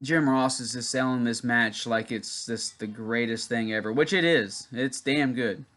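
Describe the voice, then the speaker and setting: At a measured pace, the young Louisiana host speaks in a medium-pitched, slightly bright voice. During his casual YouTube wrestling watch-along, he rambles chattily through a story between comments on the match.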